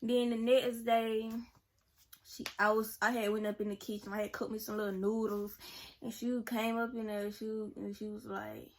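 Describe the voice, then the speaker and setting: A woman's voice: a little high, level tone, normal speed. A young woman, telling a personal story to camera in a rambling, casual way. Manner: rambling, many "like"s and "y'all"s. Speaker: vlogger. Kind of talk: storytime vlog.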